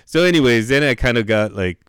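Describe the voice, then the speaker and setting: A man's voice: mid-range voice, expressive, fast talker, a bit bright, smooth, dry recording, studio quality. A man casually telling a story on a podcast, laid-back and slangy, swearing freely and laughing as he talks.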